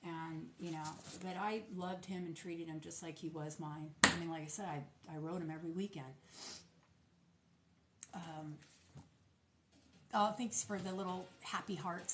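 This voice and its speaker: A woman's voice: medium pitch, moderate pace. A woman who runs a small soap business, chatting casually and rambling with many fillers while packing orders on a livestream. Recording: roomy sound with music behind.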